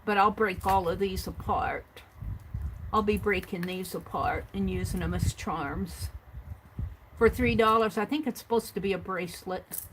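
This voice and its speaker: A woman vlogger casually chatting through her craft supply haul and tallying up prices out loud as she thinks. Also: medium pitch, normal speed, a little hiss or hum, poor audio.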